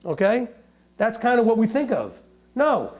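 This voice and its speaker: A man giving a sermon, reading scripture slowly and breaking into jokes and mock voices. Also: extremely high pitch. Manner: animated, joking, reads scripture aloud slowly. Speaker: teacher.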